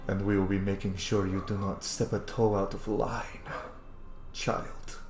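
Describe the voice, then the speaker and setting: A man voicing a cold, menacing older general who speaks in a low, hushed murmur, recorded in a roomy space. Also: little pitch movement, measured pace, music in the background.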